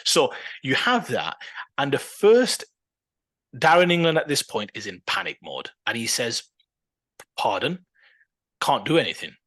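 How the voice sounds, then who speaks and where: A man co-hosting a podcast, talking football in a casual, animated and opinionated way, with plenty of fillers and restarts. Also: mid-range voice, unhurried. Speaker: podcast co-host.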